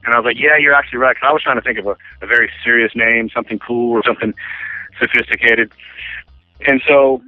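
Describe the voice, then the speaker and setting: A man's voice: mid-range voice, steady tone, quick pace, dry recording. A man telling his story as an interview guest, rambling with many restarts and acting out quotes. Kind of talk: casual storytelling. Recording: tinny phone line, faint music.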